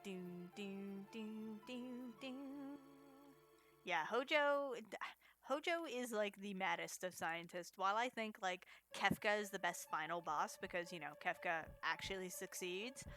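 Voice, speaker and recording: Bright-voiced woman streaming a game. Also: medium pitch, moderate pace, faint music behind. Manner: chatty, reacts to chat, laughs often. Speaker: charity marathon streamer. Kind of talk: casual live-stream game commentary.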